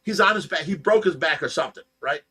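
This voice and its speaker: A man hosting a livestream, telling a story in a casual, animated way and acting out the voices. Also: fairly high pitch, fast, husky. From United States. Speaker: livestream host of a fish rescue.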